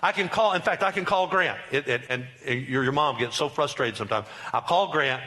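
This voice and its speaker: Man, middle-aged, pastor, preaching, bright tone, folksy, joking, emphatic. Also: medium pitch, brisk, hardly any pauses. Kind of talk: sermon.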